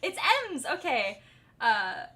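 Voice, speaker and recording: A woman's voice: a little high, sing-song, slow, a bit bright, a little hiss or hum. A young woman author chatting on a live stream, bubbly and giggly, rambling from one topic to the next. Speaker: debut novelist and streamer. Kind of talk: casual livestream chat.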